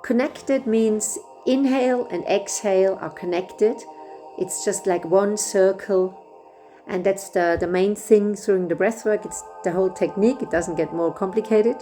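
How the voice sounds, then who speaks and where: A middle-aged woman whose first language is German, guiding a breathwork session in a gentle, unhurried way with small restarts. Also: mid-range voice, faint music behind. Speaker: breathwork facilitator. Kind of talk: guided breathwork instruction.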